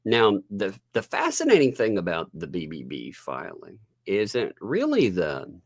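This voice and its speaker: Sarcastic guy on a live stream, laughing a lot, bouncy pitch, dry close sound. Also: huge pitch swings, a little slow, dry recording. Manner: chatty, talks while working on screen. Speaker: host.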